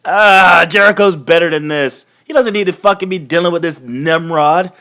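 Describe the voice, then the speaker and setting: A man's voice: on the high side, moderate pace, bright, forceful tone. A man hosting a live wrestling recap, ranting casually and profanely, often laughing. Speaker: host of a wrestling recap show.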